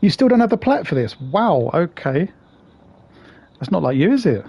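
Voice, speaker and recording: A man chatting through a game stream, greeting viewers by name and swearing freely. His voice sits a little high yet sounds mellow and soft-edged. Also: sing-song, moderate pace, vocal fry, slightly rough, no echo. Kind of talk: casual live-stream chat.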